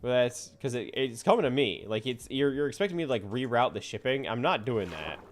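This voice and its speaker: A man's voice: mid-range voice, very animated, brisk. A man streaming a game, chatting casually and teasing his viewers with frequent laughter. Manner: playful, teasing, often laughing. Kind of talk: casual gameplay chat.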